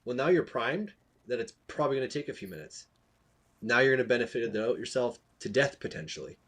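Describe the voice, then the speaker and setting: A man on a podcast explaining a point quickly, stumbling over repeated words. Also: medium pitch, fairly bright tone. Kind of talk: casual podcast discussion.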